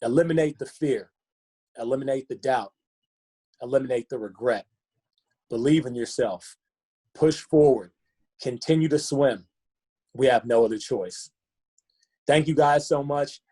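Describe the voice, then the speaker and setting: A man's voice: mid-range voice, a little slow, long pauses, mellow. A man, a fitness coach, giving a motivational talk over a video call, earnest and fond of rhetorical questions.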